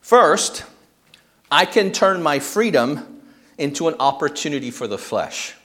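Male pastor, a touch high in pitch, steady teaching-sermon delivery that checks in with the room. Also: unhurried. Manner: checks in with the congregation with frequent "okay?". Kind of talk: expository sermon.

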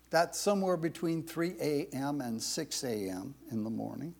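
Slow, animated male preacher. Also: on the high side. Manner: expressive preaching, repeats phrases, reads scripture aloud. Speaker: pastor. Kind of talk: sermon.

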